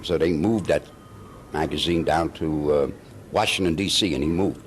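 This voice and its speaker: An older man, a veteran actor being interviewed, telling stories in an animated way, chuckling and acting out the people he quotes. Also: extremely low pitch, moderate pace, a little hiss or hum. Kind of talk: anecdotal storytelling.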